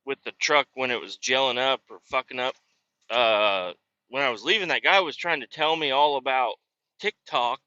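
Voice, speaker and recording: A man's voice: mid-range voice, pushed and bright, no room sound, dull audio. A man chatting casually while driving, telling stories in a profane, laid-back way. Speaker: vlogger and truck driver.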